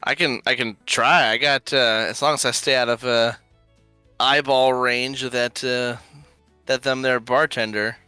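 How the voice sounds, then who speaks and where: Male player, bright and crisp voice, dry close mic, quick quips. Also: mid-range voice, level tone, no echo, faint music behind. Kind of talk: casual tabletop game chat.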